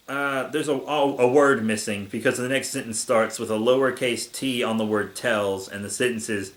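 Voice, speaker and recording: A man's voice: mid-range voice, fairly even intonation, moderate pace, few pauses, reverberant. A young man hosting a comedic fan fiction reading, sarcastic and exasperated.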